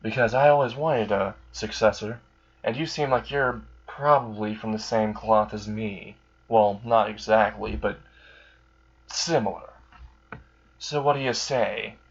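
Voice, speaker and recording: A man's voice: fairly low pitch, measured pace, slightly rough. A man voicing an amused, menacing male demon in a suit, sly and politely taunting. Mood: dealmaking. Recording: dull lo-fi recording.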